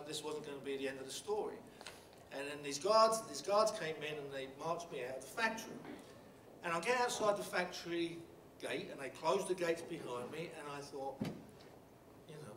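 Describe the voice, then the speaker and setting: A middle-aged Englishman speaks at a panel talk, telling a story in a halting, blunt way with many restarts and fillers. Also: a little high, fairly bright tone. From England. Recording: roomy hall from a distant mic with background noise.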